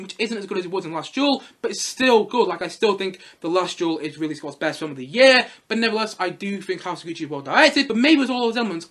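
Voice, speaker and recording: A man's voice: high voice, a bit bright. Chatty man reviewing films. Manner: chatty, repeats himself, mocks in put-on voices. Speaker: film reviewer. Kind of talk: casual spoken review.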